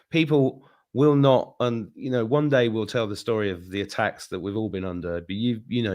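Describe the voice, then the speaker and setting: A man guest in a casual chat, earnestly praising the host, repeating himself and swearing now and then. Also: on the low side.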